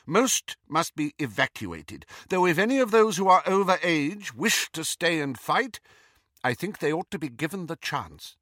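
A man's voice: a little high, very animated, moderate pace, bright, forceful tone, no echo, clean studio sound, pitched above the performer's own voice, heavily acted. A man voicing a stern, commanding older female witch with a clipped, authoritative manner in a storybook reading. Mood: firm.

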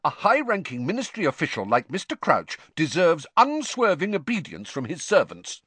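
A man's voice: a little high, huge pitch swings, normal speed, fairly bright tone, breathy edge, dry recording, pitched above the performer's own voice, exaggerated voice. A man voicing a pompous, self-important young man who defends authority. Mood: prim.

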